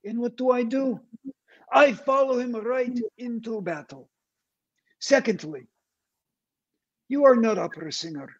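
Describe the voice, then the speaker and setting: A husky-voiced man with a high voice putting on a blunt, stern woman therapist with an Israeli accent, speaking slowly in a clipped, scolding way. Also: muffled recording, heavily acted.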